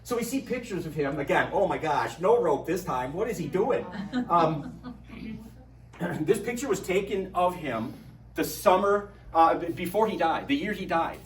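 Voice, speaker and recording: Middle-aged male parish speaker, lively and joking, slightly high voice, recorded far off in an echoey hall. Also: a little hiss or hum. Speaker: adult formation speaker. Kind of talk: parish talk to an audience.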